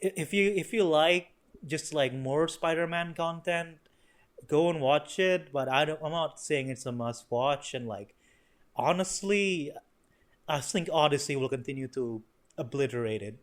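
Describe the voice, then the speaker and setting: A man's voice: a little high, measured pace. Rambling, sweary young man reviewing a movie. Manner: rambling, profane, sarcastic, lots of fillers and restarts. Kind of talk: casual spoken review.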